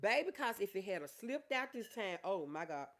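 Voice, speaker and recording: A woman who works as a mental health therapist hosts a casual livestream, reading viewer comments out loud and calling them "baby." Her voice sits in the mid-range, expressive and delivered at a moderate pace.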